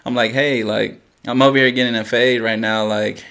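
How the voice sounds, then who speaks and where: A man's voice: mid-range voice, normal speed, vocal fry. A young man on a casual podcast, telling a story with plenty of swearing, acting out the quotes and laughing as he goes. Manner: animated storyteller, swears freely, acts out quotes, laughs often. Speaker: podcast co-host.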